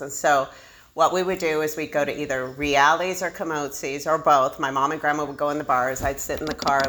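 With a low-pitched, somewhat bright voice and a bit of noise in the background, this woman tells her personal recovery story openly. She pokes fun at herself and laughs frequently.

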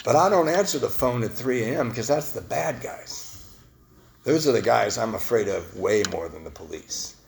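A man sharing his recovery story at a meeting, self-mocking and laughing at his own past, swinging between loud bits and quiet confession. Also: medium pitch, moderate pace, vocal fry. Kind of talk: personal testimony at a recovery meeting.

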